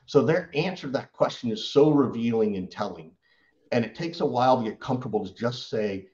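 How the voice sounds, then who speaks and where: A man who works as a sales coach, answering interview questions and acting out what clients say in lively stories. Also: mid-range voice, a little fast, dull audio. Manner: animated storytelling, acts out client quotes.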